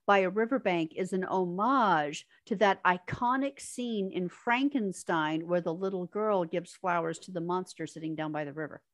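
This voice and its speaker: A woman's voice: lowish voice, moderate pace, hardly any pauses. Eager woman sharing film trivia. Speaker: podcast co-host. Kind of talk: casual movie chat.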